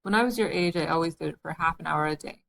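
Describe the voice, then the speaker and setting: A flustered, scatterbrained old queen, voiced by a woman reading a storybook aloud. She frets and pleads in a fussy manner, and the voice stays fairly low. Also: quick pace, vocal fry, fairly bright tone.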